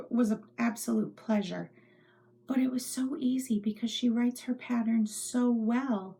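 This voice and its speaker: A woman's voice: fairly high pitch, mellow, breathy edge. A middle-aged woman hosting a knitting podcast from her home craft room, rambling chattily and often dropping into whispers. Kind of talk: casual show-and-tell chat.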